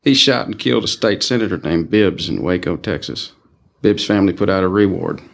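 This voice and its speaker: A man's voice: sits low, a little fast, vocal fry. An actor playing a stiff, self-assured lawman hunting a bounty, speaking in formal, old-fashioned sentences. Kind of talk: film dialogue.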